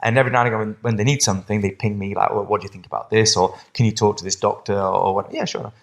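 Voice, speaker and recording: A man's voice: fairly low pitch, fairly even intonation, very fast, creaky. A man who coaches athletes, a guest on a podcast, talking casually in a rambling way and often quoting himself. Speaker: guest, strength and conditioning coach.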